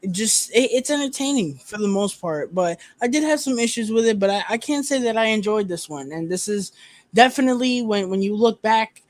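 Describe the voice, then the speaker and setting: High-voiced young man reviewing movies. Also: lively intonation, brisk, no room sound. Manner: casual, swears, hesitant fillers. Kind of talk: casual movie review chat.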